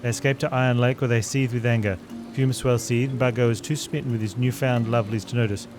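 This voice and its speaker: A man voicing a nervous little kobold creature that repeats every phrase with three synonyms, reading game dialogue over loud game music. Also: medium pitch, steady tone, quick pace, lightly acted. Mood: pleading.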